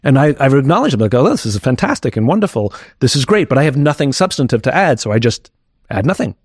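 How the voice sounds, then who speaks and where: A man's voice: medium pitch, very animated, fast talker, slightly rough, dry recording, studio quality. A man talking candidly as an interview guest, reflective and thinking aloud as he goes.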